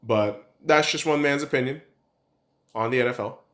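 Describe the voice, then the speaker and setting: A man's voice: medium pitch, moderate pace, fairly bright tone. Blunt, profane man ranting about sports. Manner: blunt, profane, opinionated, rambling with restarts. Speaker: podcast host. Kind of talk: casual sports opinion rant.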